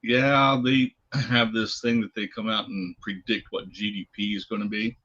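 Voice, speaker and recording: A man with a low, husky voice talks markets in a relaxed, plainspoken manner. His audio comes through a video call and sounds dull and lo-fi, with the top end rolled off. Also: moderate pace. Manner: easygoing, plainspoken, mutters to himself. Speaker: guest trader on a video call. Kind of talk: casual trading chat.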